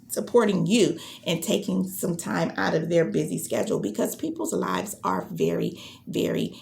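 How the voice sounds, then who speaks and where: Gravelly, animated woman teaching business. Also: lowish voice, slight background noise. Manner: lively, acts out sample greetings and introductions. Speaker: business trainer. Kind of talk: teaching a business launch training.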